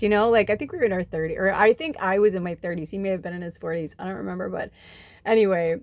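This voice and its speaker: A woman's voice: mid-range voice, expressive, quick pace. A woman in her forties, a spiritual reader, telling a personal story in a chatty, emotional way, acting out what others said and swearing freely. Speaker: spiritual reader and channel host. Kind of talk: casual storytelling to camera.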